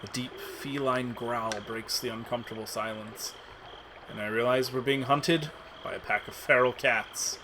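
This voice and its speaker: A man's voice: medium pitch, fairly even intonation, normal speed, noisy background. A man streaming himself reading a text adventure aloud as dramatic narration, with asides. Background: game music.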